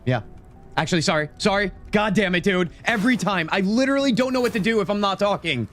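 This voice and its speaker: Chatty American streamer man, slightly high voice. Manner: animated, talks fast and chatty to viewers, says "dude" often. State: out of breath. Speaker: livestream host. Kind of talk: casual gaming livestream chat. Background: faint game and tavern music.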